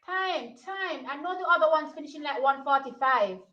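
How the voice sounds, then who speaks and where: A young woman talks through a track race as it happens. She sits high in her register, repeats herself and thinks aloud in a chatty, excitable way. The audio is slightly dull and lo-fi. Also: moderate pace. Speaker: track and field watch-along host. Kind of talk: casual live race commentary.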